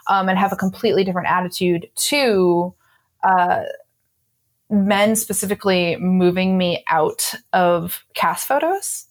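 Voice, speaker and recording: A woman's voice: lowish voice, measured pace. A woman speaking in an interview as a burlesque performer, frank and sassy, with many ums and frequent laughs. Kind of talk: candid interview talk.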